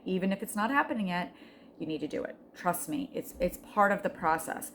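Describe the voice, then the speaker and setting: A woman's voice: mid-range voice, animated, a little fast, slight background noise. A middle-aged woman in a casual, encouraging chat, earnest and talkative, often restarting with fillers. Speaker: vlogger sharing a health journey.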